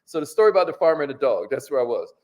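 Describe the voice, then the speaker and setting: An energetic man hosts a live motivational talk, reeling off shout-outs to viewers by name between points. His voice sits high for a man, and he speaks in casual slang, hammering his key phrases again and again. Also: very fast. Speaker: host of a live motivational stream.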